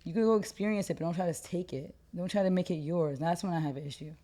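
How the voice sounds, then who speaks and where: A young woman co-hosting a podcast, talking in an animated, opinionated and slangy way in casual chat. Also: on the low side, quick pace. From United States. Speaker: podcast co-host.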